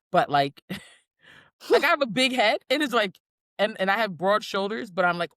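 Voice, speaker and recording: A woman's voice: mid-range voice, dry recording. A woman co-hosting a podcast in casual chat, telling stories animatedly and acting out quotes in changing voices. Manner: animated storyteller, acts out quotes in shifting voices. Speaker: podcast co-host.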